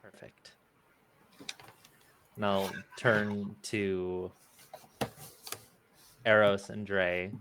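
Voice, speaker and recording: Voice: low-pitched, level tone, drawn-out words, pauses often, a bit bright, a little hiss or hum. A player in a tabletop game, speaking decisively and planning ahead. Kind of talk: casual tabletop game chat.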